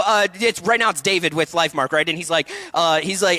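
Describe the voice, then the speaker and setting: Bright, animated man teaching actors. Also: on the high side. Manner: energetic, animated, jumps into quick voices and asides. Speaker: acting workshop speaker. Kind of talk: conference talk.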